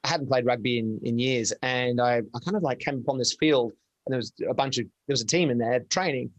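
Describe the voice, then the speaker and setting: Man, 40s, podcast guest, animated rambling stories, medium pitch, dry close mic. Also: no echo, highs cut off. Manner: animated storyteller, rambling, quick laughs. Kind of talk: casual storytelling chat.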